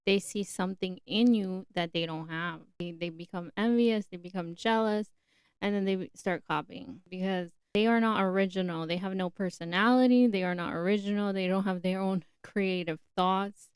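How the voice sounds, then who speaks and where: A woman's voice: medium pitch, steady tone, normal speed, clean tone, no echo, clean studio sound. A young woman hosting a podcast, talking in a blunt, opinionated and chatty way. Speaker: podcast host. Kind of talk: casual solo podcast talk.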